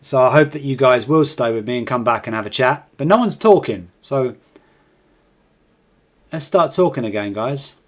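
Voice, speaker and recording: A man's voice: mid-range voice, animated, moderate pace. Chatty man hosting a live stream. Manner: chatty and self-mocking, coaxing viewers to join in. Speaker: trading live-stream host. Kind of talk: casual live-stream chat.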